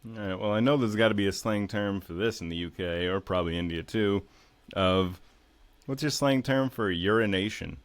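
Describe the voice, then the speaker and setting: A man's voice: fairly low pitch, moderate pace. A man from south of Boston with a light Boston accent, hosting a casual podcast chat, laid-back, swearing freely and laughing often. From Massachusetts, south of Boston. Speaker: podcast host.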